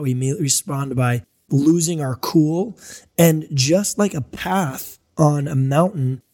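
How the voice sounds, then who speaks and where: A man preaching a sermon, telling animated everyday stories and acting out voices to make his point. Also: fairly high pitch.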